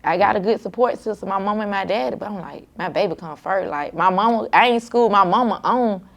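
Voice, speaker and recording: In a gravelly, mid-range voice that runs a little fast, a woman recounts caring for her son who has sickle cell. It's candid, emotional personal storytelling, casual in tone, peppered with "like" and quoted inner dialogue.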